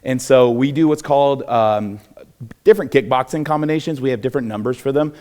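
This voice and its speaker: A man's voice: mid-range voice, a little fast, a little mellow. A young man with a Texan accent teaching a self-defense class in a church hall, upbeat and encouraging, laughing often. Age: young adult. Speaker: martial arts instructor.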